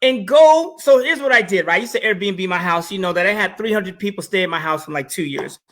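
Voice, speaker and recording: A man talking casually about investing, animated and joking as he tells stories. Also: high voice, a little fast. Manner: animated storyteller, joking asides.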